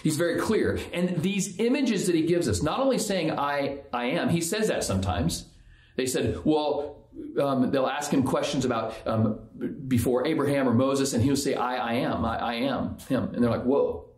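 A man's voice: mid-range voice, lively intonation, normal speed, a little mellow, echoey room. A man giving a conversational sermon as a pastor, often restarting and repeating words. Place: church.

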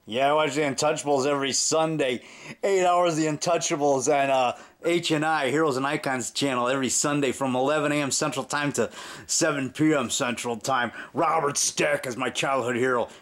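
A man's voice: mid-range voice, a bit bright. Rambling man in casual vlog chat. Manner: rambling, chuckling, acts out old memories. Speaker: filmmaker. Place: house basement.

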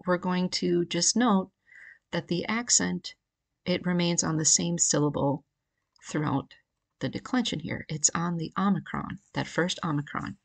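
A woman teaching a beginner's grammar lesson in a recorded lecture. Her voice sits low with a gravelly fry, and she explains patiently, reading through lists of cases. The audio is homemade and uneven. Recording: questionable home audio.

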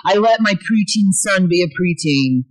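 A woman's voice: on the low side, expressive, normal speed, slightly rough, poor audio. Woman streamer reading chat, trash-talking and laughing a lot. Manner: crude, mocking banter with frequent laughs. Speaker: livestream host reading chat. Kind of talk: casual livestream chat.

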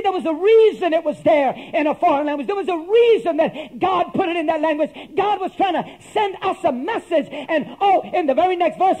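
A man's voice: very high voice, a little mellow. A male pastor preaching a sermon, passionate and calling on the congregation to answer back. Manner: impassioned, calls for amen from the congregation.

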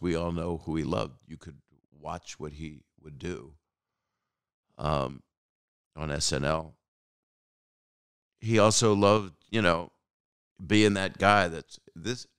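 Very deep, gravelly man telling stories. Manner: rambling, halting, with many fillers and restarts; animated, acts out other people's lines. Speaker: podcast host. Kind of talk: casual storytelling.

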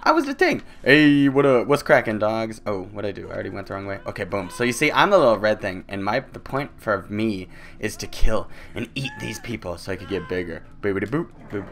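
A young man doing loud, joking let's-play commentary, his voice swinging high and low as he plays. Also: fairly quick. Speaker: gaming YouTuber.

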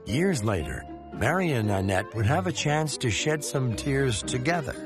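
A man's voice: medium pitch, very animated, normal speed, loud music behind the voice. A man giving scripted, polished documentary narration.

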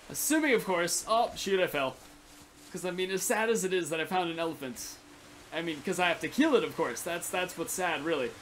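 A young man giving casual, excitable commentary on his video game, rambling, swearing and yelping at sudden danger. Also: sits high, a little hiss or hum. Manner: chatty rambling to animals in the game. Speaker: gaming channel host. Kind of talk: Let's Play commentary.

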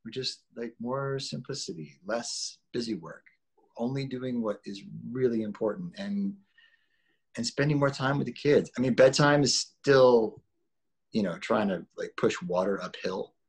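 A man in his forties, an actor being interviewed, talking in a relaxed, rambling way with restarts and laughs. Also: mid-range voice, a little slow, breathy edge. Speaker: actor guest. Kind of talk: casual interview chat.

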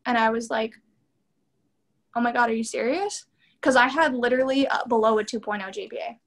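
A woman in her thirties, a doctoral student and therapist, speaking as an interview guest in an earnest, animated way with plenty of fillers. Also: fairly high pitch, a little fast. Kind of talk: candid conversational interview.

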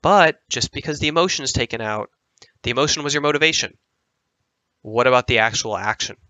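Bright-voiced man coaching with emphatic repetition. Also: mid-range voice, fairly quick, no echo, highs cut off. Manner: emphatic, repeats lines, lots of fillers. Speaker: sport psychology coach and show host. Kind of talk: answering viewer questions, casual monologue.

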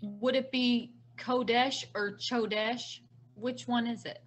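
Woman student, higher voice, slow question, far off, faint noise. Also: fairly even intonation. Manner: asks a short question.

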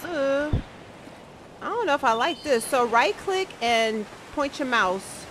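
A woman's voice: high voice, expressive, takes it slowly, a bit bright, a little hiss or hum, poor audio. A woman streamer giving casual gameplay commentary, laughing often and chatting directly with her viewers. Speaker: gaming streamer. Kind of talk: casual gaming commentary to chat.

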